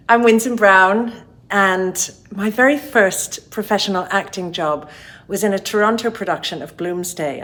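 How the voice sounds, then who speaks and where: Chatty actress telling an anecdote. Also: female voice, lowish voice, fairly bright tone. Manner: chatty, storytelling. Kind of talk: casual anecdote.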